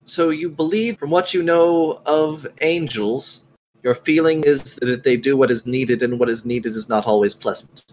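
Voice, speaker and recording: A man running a tabletop game as game master, narrating scenes in a measured, descriptive way. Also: medium pitch, darkish tone, slight background noise, poor audio.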